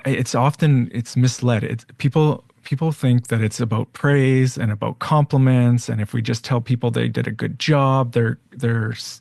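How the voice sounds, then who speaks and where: Male podcast co-host, psychologist, gravelly voice, dry close recording, thoughtful explainer. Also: mid-range voice, darkish tone, no room sound. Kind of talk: casual conversation.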